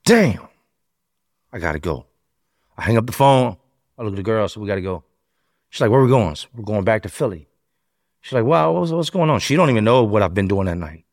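A man recounting his past in a lively storytelling manner, acting out the voices of the people he quotes. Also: on the low side, quick pace, pauses often, dry recording, clean studio sound. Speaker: interview guest.

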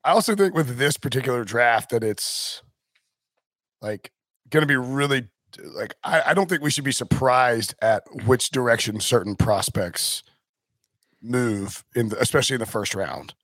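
A man's voice: mid-range voice, moderate pace, fairly bright tone, no room sound, studio quality. A man hosting a casual sports podcast, rambling through his points with restarts and fillers. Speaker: podcast host.

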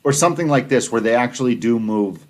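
A man co-hosting a casual sports talk show, analytical and animated, laughing easily. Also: medium pitch, quick pace. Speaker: podcast co-host.

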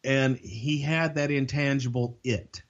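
An older man, co-hosting a podcast and telling a profane, lively backstage story. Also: medium pitch, a little slow, highs cut off. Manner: profane, animated anecdote telling. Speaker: podcast co-host. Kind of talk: casual storytelling.

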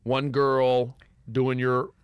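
A man's voice: mid-range voice, extremely slow, clear, resonant tone, no echo, clean studio sound. A man co-hosting a podcast in casual chat, telling rambling stories with restarts. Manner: relaxed, rambling storytelling with restarts.

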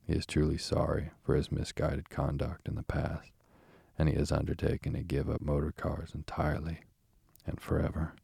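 A man reading as a solemn old badger, deep and gravelly. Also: completely flat delivery, dark tone, no echo, studio quality, full character voice. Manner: grave, measured scolding. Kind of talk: soothing bedtime storybook reading.

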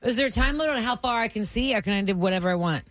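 A woman on a radio show, chatty with quick answers. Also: a little high, animated, no room sound, faint music behind. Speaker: radio guest.

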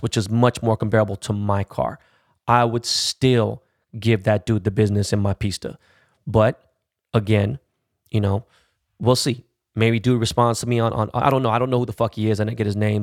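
Brash, gravelly-voiced man ranting. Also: medium pitch, no echo, studio quality. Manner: brash, profane, rambling. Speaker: car vlogger. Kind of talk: casual profane vlog rant.

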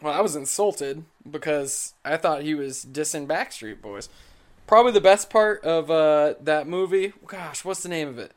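A young man with a slightly raised voice hosts a loose sports podcast. He teases his co-host, laughs easily and keeps the banter animated. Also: a little high. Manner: teasing, animated, quick laughs. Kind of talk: casual chat.

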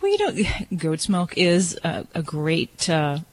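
A pet expert giving advice on a radio show, explaining at length with many fillers and sudden quick bursts. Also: mid-range voice, huge pitch swings.

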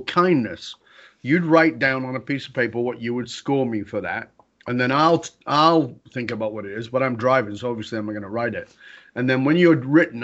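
A man's voice: mid-range voice, a bit bright, dull audio. A man telling a story in conversation as an interview guest, acting out quotes with big jumps in his voice.

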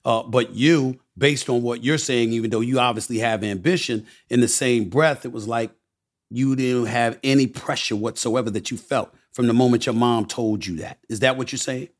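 A man's voice: medium pitch, steady tone. A man hosting a candid interview who asks long, emphatic questions. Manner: emphatic, drawn-out questions with repeated stressed words. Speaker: interviewer and host.

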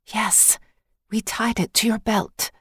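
Woman reading a calm, firm young captive woman. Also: a little high, slow pace, husky, no echo, clean studio sound, pitched above the performer's own voice, full character voice. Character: young tribal woman, bold captive, protective sister.

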